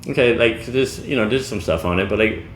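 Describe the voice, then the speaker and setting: A man's voice: fairly low pitch, a little fast, slight background noise. A man hosting a podcast, chatting casually in a rambling, joking way full of fillers. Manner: rambling, filler-heavy, jokey. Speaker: podcast host. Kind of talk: casual chat. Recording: echoey room with faint ambience.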